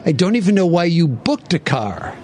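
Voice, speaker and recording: A man's voice: high voice, sing-song, moderate pace, darkish tone, slight background noise. A man playing a laid-back, sardonic young man. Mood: casual. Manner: casual, sardonic. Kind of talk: audio drama acting.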